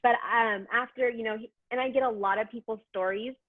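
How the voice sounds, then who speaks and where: Brief: upbeat woman interview guest, higher voice, heard over a dry phone line. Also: no echo. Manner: lively, emotional, quick asides. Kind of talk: casual interview storytelling.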